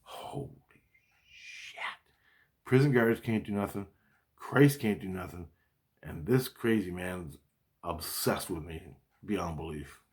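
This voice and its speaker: A man's voice sitting low and unhurried carries a rambling, casual monologue about something that happened to him. He gets excitable, swears, and says his exclamations over and over.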